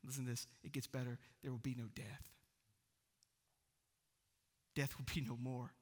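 A man, preaching a sermon in a church and swinging from loud proclaiming to hushed near-whispers. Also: medium pitch, little pitch movement, moderate pace, big-room sound. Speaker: pastor.

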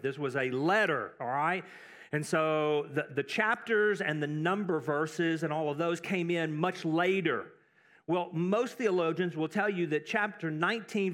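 A man with a notably high voice preaches to his church in a loose, talky way. He wanders into asides and doubles up his words to stress a point. He grew up in Texas. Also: a bit bright. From Texas, United States. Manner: conversational, with asides and repeated words for emphasis. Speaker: pastor. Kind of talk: sermon.

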